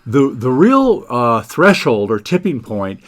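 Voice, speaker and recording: A man co-hosting a spiritual talk radio conversation, explaining ideas in a measured way. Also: mid-range voice, big pitch swings. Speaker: co-host.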